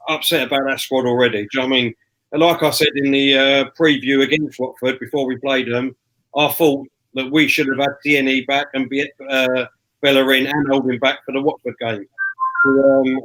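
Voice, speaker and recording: A man's voice: mid-range voice, a bit bright, rough recording. A man speaking as a podcast guest, earnestly giving his frank, rambling take on his team. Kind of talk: casual football opinion.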